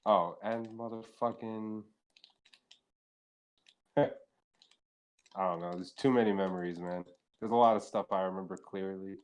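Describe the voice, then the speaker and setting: Low-voiced man telling rambling stories. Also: fairly even intonation, unhurried, pauses often. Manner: rambling, profane, heavy use of filler "like". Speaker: podcast guest. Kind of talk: casual storytelling chat.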